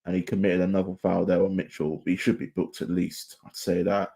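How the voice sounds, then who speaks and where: A young man hosting a live football watchalong as a fan, chatty and excitable, shouting at the players. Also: low voice, fairly quick, gravelly. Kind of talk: live match watchalong commentary.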